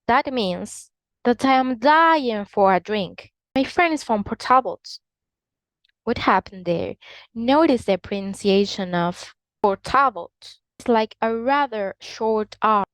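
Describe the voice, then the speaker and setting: A woman's voice: a little high, clean tone, no room sound, low-quality recording. A woman explaining English accents in a lesson, with slightly non-standard phrasing. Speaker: English teacher.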